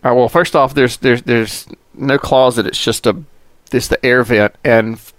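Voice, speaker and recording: Halting, laughing man playing a tabletop game. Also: medium pitch, steady tone, fairly bright tone, dry recording. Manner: halting, self-correcting, laughs easily. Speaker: player. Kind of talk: tabletop game play, in and out of character.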